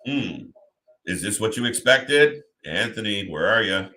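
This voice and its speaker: Bright-voiced man hosting a live reaction stream. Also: on the low side, big pitch swings, a little slow. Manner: chatty, talks to chat viewers by name. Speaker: watch party host.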